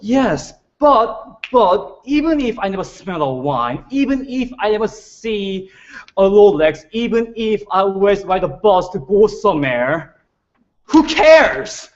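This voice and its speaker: Teen guy doing slam poetry, high voice swinging all over, slow and careful, muffled recording. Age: teens. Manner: playful, deliberate recitation. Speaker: student poet.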